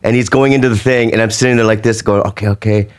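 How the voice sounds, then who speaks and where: A man's voice: on the low side, fast talker, clean tone. A man telling a long comic story in casual chat, acting out quotes and laughing often. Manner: animated, laughing, acts out quotes. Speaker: comedian guest.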